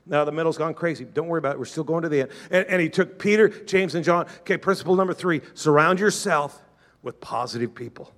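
A male pastor preaching a sermon with passion, calling on the congregation to answer back and acting out doubters' objections in a quieter voice. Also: a little high, quick pace.

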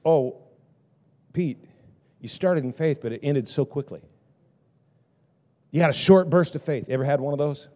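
A middle-aged male pastor preaching a sermon, swinging between loud bursts and hushed lines. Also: a little high, normal speed, pauses often.

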